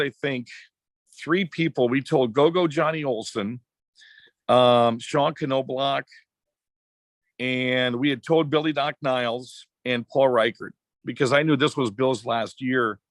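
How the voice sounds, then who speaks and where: A middle-aged man from Wisconsin, a former racetrack announcer, telling a story as a podcast guest in a chatty, animated way. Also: medium pitch, no echo. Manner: chatty, animated anecdotes with quoted dialogue. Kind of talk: casual storytelling.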